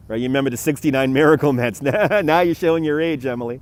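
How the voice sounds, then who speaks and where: A man's voice: medium pitch, fast talker. A man in his forties from New York hosts a live walking-tour stream, chatting casually and greeting viewers by name, recorded outdoors on a phone with traffic behind him. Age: 40s. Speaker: livestream walking-tour host. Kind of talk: casual livestream chat reading viewer comments. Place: outdoors by a city harbor. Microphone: phone on handheld gimbal.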